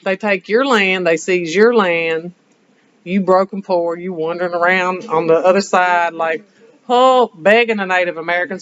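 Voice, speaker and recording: Animated woman teacher firing off questions. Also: lowish voice, unhurried, muffled recording. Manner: animated, rhetorical questions to students. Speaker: history teacher. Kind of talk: classroom lecture. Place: classroom.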